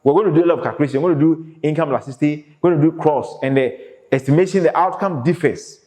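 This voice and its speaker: This man teaches economics quickly and emphatically, his slightly high voice warm in tone. He asks students questions, then supplies the answers himself, and his words echo around the room.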